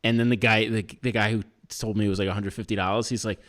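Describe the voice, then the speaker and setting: A man's voice: lowish voice, fast. A man co-hosting a podcast, telling a story in casual chat, acting out what other people said, swearing and laughing often. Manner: animated, acts out other people's lines while telling a story. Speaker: podcast co-host.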